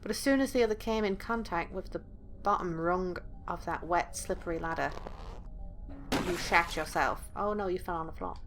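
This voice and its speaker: Over music, a woman with a fairly low voice plays a horror game for a let's play, speaking at normal speed. Her dramatic readings of the story get interrupted by her own blunt, profane comments.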